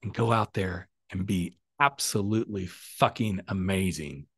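A man's voice: deep voice, a little slow, few pauses, husky, no echo, clean studio sound. A middle-aged man hosting a podcast as a coach, talking in a casual, emphatic, motivational way and swearing freely.

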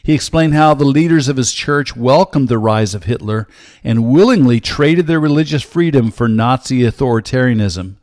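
A man in his sixties hosting a podcast as a Bible teacher, giving a measured, earnest solo talk with frequent hesitant fillers. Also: medium pitch, darkish tone, no echo, studio quality.

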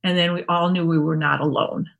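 A woman's voice: on the low side, fairly even intonation, a little fast, vocal fry, a bit bright, dull audio. A woman in her sixties, a guest who tells stories in a chatty way and laughs often. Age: 60s. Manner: chatty, laughs often, describes herself as an introvert. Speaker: guest, workshop founder. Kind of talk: casual interview storytelling.

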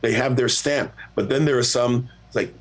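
A middle-aged man, a guest singer, telling a long story in a relaxed, profane, self-mocking way. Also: medium pitch, normal speed. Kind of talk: casual storytelling.

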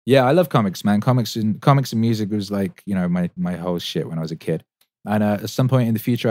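A man's voice: lowish voice, a little mellow, no room sound, studio quality. A man in his thirties hosting a casual livestream Q&A, rambling and profane with many fillers and an enthusiastic tone. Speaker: musician and show host answering chat.

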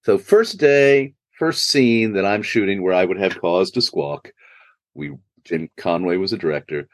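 An older man tells stories in a very deep voice that rises and falls dramatically. He is lively and pokes fun at himself. The sound is dry and close, with no room around it. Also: a little slow, no echo. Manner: animated, self-mocking storyteller who acts out quoted voices. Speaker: guest actor. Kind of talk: anecdotal storytelling in a podcast interview.

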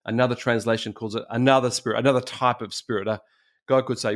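A man's voice: medium pitch, fairly even intonation, quick pace. Australian male pastor, sermon, mid-range voice, fervent and repetitive exhortation.

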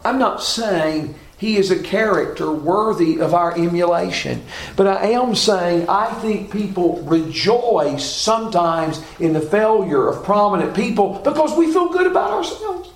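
A man's voice: on the high side, echoey room, rough recording. A man teaching a Bible class, asking his listeners questions and repeating key phrases.

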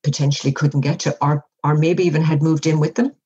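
A woman speaking as an interview guest, giving measured, reflective advice and often acting out example conversations. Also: sits low, fairly even intonation, dark tone, lo-fi sound, a little hiss or hum. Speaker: workplace wellbeing guest.

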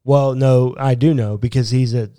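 A man's voice: mid-range voice, steady tone, normal speed, mellow, no room sound. A man co-hosting a casual chat about prayer and faith, joking and thinking aloud as he talks. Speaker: podcast co-host.

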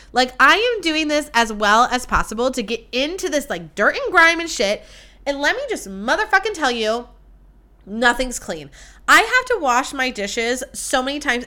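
Bright-voiced young woman ranting on her podcast. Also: on the high side. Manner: profane, ranting, chatty with many fillers. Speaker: podcast host. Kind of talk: casual solo podcast chat.

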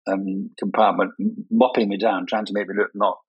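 As a guest in a conversational interview, an older man tells playful, self-mocking stories in a lowish, slightly rough voice with a flat delivery at normal speed. He works as a party and wedding designer and, though raised in Scotland, has no Scottish accent and sounds English; the recording has no echo and dull audio.

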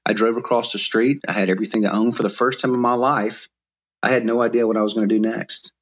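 A man's voice: fairly low pitch, quick pace. Middle-aged man from Alabama telling stories. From Mobile, Alabama. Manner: animated storyteller with frequent restarts. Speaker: guest. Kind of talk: storytelling interview.

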